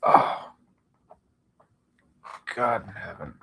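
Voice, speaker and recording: A man chatting casually with his viewers while he draws late at night, sleepy and yawning, swearing freely, talking to chat between long pauses. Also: on the low side, gravelly, fairly bright tone, slightly rough. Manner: laid-back, swears a lot, talks to chat between pauses. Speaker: art streamer.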